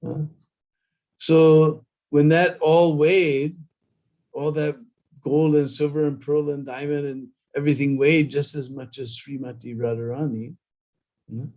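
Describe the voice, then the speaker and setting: A man's voice: on the high side, flat delivery, unhurried, warm tone. A man preaching a storytelling sermon, talking conversationally and prompting listeners with "hmm?" and "huh?".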